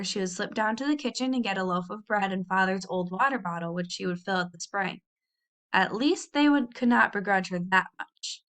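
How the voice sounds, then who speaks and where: Brief: expressive woman reader narrating a children's classic, lively storytelling. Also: mid-range voice. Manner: expressive, animated reading with small slips. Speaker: audiobook reader. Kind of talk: reading a children's novel aloud.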